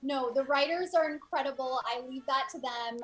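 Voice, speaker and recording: Higher-voiced woman voice actor. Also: normal speed, rough recording. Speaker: game voice actor. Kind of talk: casual video chat.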